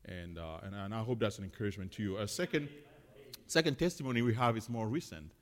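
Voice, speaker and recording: Missionary man with a lowish voice, halting, filler-heavy church talk, echoing sanctuary. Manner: chatty, many fillers and restarts, laughs often.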